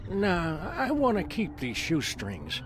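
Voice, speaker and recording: A man voicing a calm, upright dog detective in a video game, speaking in polite, measured, wordy phrases. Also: on the high side, a little hiss or hum, full character voice. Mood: dry. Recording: game audio under music.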